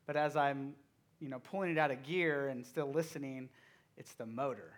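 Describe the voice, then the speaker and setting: A man in his thirties, a youth pastor giving a casual sermon, telling stories in an animated way with many fillers. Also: mid-range voice, moderate pace.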